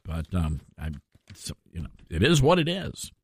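Male talk radio host, Southern accent, jokey storyteller, lively delivery. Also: low voice, moderate pace, creaky, husky, no room sound, clean studio sound. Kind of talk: talk radio chat and live ad reads. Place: radio studio.

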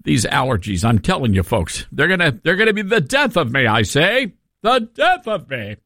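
Animated gravelly talk radio host, man. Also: medium pitch, a little fast, dry recording, clean studio sound. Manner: animated, sarcastic. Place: radio studio.

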